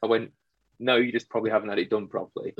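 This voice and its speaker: An electrician tells a story from the job in a loose, chatty way, playing both voices of the exchange as he goes. His voice sits low, with a gravelly, husky grain. It comes through a dry, dull, lo-fi recording. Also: very fast, no room sound. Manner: animated storyteller acting out both sides of a dialogue. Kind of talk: casual chat, telling a work story.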